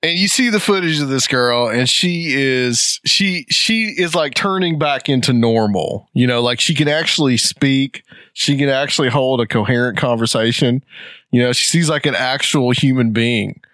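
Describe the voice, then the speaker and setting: A man's voice: medium pitch, normal speed, a bit bright, no echo, studio quality. Jokey man in casual podcast chat. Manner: jokey, tangent-prone, laughs often. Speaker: podcast co-host.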